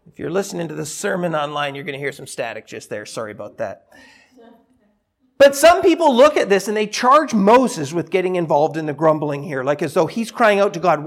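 A middle-aged man preaches a sermon in a fairly high voice that swings up and down with lively emphasis. He drives points home by repeating phrases and stumbles through restarts as he works out his thoughts. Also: moderate pace, vocal fry. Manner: emphatic, repeats himself, animated delivery. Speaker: pastor.

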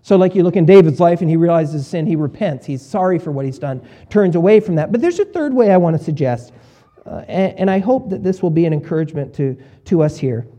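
Bright-voiced, mellow male pastor preaching. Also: fairly high pitch, animated, a little fast. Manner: conversational preaching with shifts in volume and voiced asides. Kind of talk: sermon.

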